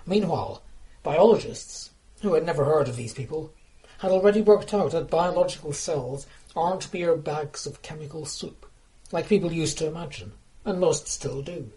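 A man reading a piece of prose aloud in a calm, measured narration. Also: fairly high pitch, low-quality recording. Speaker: contributor reading his story.

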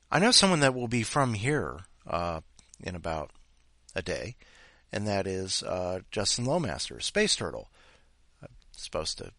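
A man hosting a podcast in a casual, rambling way, with mumbled asides, before reading a story cold. His voice is on the low side but bright and very animated in pitch. The recording is dry, with no room echo. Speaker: podcast host.

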